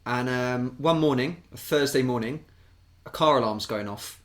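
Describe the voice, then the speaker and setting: Man, British accent, casual podcast chat, animated, sweary, everyday pitch. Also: normal speed. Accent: British English. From England. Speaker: podcast co-host.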